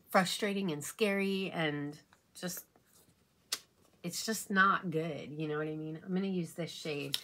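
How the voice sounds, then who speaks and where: With a low-sitting, fairly bright voice, a woman chats casually as she applies her makeup for her beauty vlog. Her talk wanders in a confiding way, dotted with "you know what I mean".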